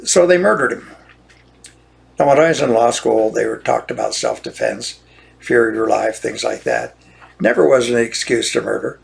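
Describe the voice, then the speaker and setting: Older lawyer type, indignant and repetitive, deep gravelly rasp, mid-pitched. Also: male voice, huge pitch swings, normal speed. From United States. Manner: indignant, repetitive, restarts phrases. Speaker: retired lawyer. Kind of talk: monologue rant.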